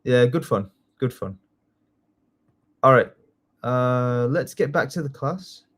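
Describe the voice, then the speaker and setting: A man teaching a live online test-prep class, chatty and excitable, often apologizing as he goes. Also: mid-range voice, takes it slowly. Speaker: citizenship test tutor.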